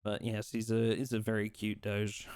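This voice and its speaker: A man streaming a game live, chatting casually in a relaxed, rambling way and teasing his chat. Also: on the low side, normal speed, clean tone, no room sound, clean studio sound.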